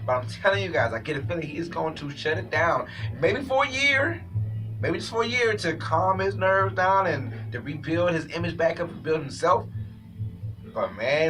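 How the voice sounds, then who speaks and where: A man hosting a sports talk show, giving an opinionated, animated commentary monologue and addressing viewers as ladies and gentlemen. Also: on the high side, fairly quick, distant mic, over music, rough recording.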